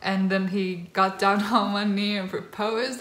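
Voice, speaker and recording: A young woman vlogger shares a personal story in a gushing, casual way, emotional and close to tears, with plenty of filler words. Her medium-pitched voice moves a little slowly with few pauses, and the room adds a noticeable echo.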